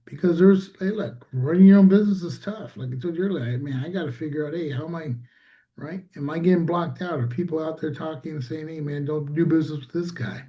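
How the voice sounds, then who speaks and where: A man's voice: a little high, fast, lo-fi sound. A man, a small business owner, telling a story in casual conversation and acting out quoted dialogue.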